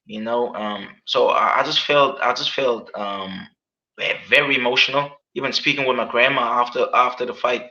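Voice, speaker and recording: A man's voice: mid-range voice, fairly even intonation, moderate pace, bright, forceful tone. A man being interviewed as an MMA fighter, talking earnestly and casually, repeating his words and often adding "man". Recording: dull, lo-fi sound.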